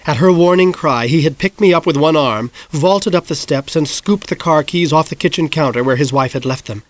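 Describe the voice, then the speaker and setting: A man in his forties narrating an audiobook in a measured storytelling voice, close on a studio mic. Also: fairly high pitch. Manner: measured storytelling, rising to shouts in action. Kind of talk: scripted narration.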